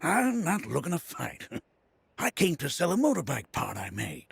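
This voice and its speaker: An actor playing an excitable older male mechanic and former street racer in a video game. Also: on the high side, normal speed, no room sound, exaggerated voice. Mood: friendly. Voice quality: gravelly, husky. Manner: bursts into shouting excitement and laughter.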